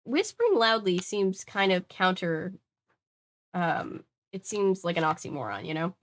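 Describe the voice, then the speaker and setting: A woman's voice: fairly low pitch, sing-song, a little slow. A woman reading a novel aloud, breaking off for rambling, casual asides. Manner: chatty, rambling asides with fillers. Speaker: book reader.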